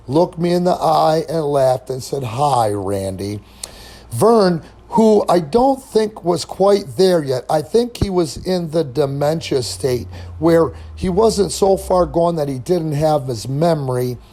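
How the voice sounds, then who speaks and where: A middle-aged man hosting a wrestling channel, telling a long story in a profane, animated way. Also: mid-range voice. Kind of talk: casual storytelling monologue.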